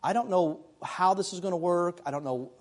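A man's voice: sits high, normal speed. A middle-aged male pastor preaching a sermon in a conversational way, mixing scripture with personal stories.

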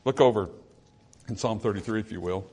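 A male pastor preaching a sermon, swinging from forceful emphasis to hushed, quiet lines. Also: on the low side, fairly quick, slight background noise.

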